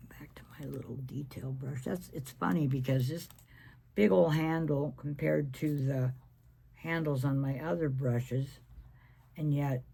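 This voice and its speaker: A woman talks viewers through her painting in a hoarse voice that keeps slipping into a whisper. Her delivery is slow and unhurried, with a gravelly, creaky edge. She murmurs friendly asides as she works. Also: sits low, warm tone. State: losing her voice. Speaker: craft video host. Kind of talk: painting tutorial chat.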